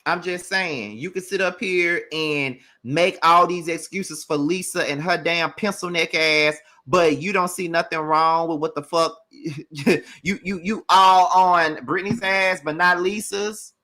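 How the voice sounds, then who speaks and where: A man with a high, ringing voice reviews a reality TV episode. He rants, swears freely and talks straight to his viewers. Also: steady tone, measured pace, sharp tone. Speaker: show recap host. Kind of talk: heated reality TV review rant.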